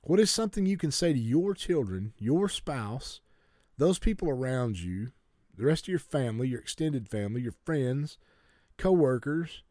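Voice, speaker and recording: A man's voice: mid-range voice, animated, normal speed, warm tone, no echo, clean studio sound. A man preaching a sermon to a congregation, urging them earnestly and often stumbling and restarting his sentences. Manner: earnest exhortation with stammered restarts.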